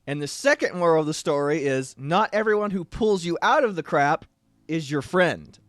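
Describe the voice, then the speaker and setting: Man, movie review chat, rambling, restarts, fillers, fairly high voice, dry close sound. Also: expressive, moderate pace, a bit bright, no room sound. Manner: rambling, many restarts and "you know". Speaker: podcast co-host.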